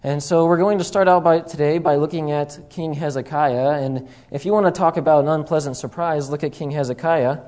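A man's voice: on the high side, steady tone, a little fast, hardly any pauses, a little mellow. A man preaching a sermon, opening with a folksy joke told in a storytelling manner full of fillers and asides.

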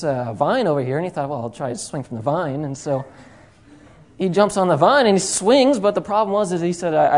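A man's voice: fairly high pitch, a little mellow. A man preaching a sermon, opening with a folksy joke told in a storytelling manner full of fillers and asides.

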